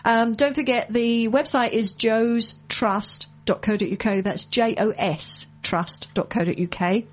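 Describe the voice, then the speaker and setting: A woman's voice: on the high side, fairly even intonation, a little slow, few pauses. Chatty woman hosting a radio show. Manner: chatty, reminds listeners of events. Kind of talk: casual radio chat. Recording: muffled lo-fi broadcast audio.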